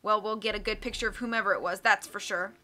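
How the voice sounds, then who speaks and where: A woman's voice: medium pitch, fairly even intonation, fast talker, pushed and bright, soft background music, close to an everyday voice. A woman voicing an irritable middle-aged male researcher who grumbles and complains. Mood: grumbling. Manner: grumbling, resentful.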